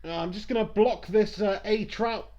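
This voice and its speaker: High-voiced excitable football fan commentator. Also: male voice, moderate pace, lo-fi sound. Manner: chatty, excitable, swears at big chances. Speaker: fan live-stream commentator. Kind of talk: casual live match commentary.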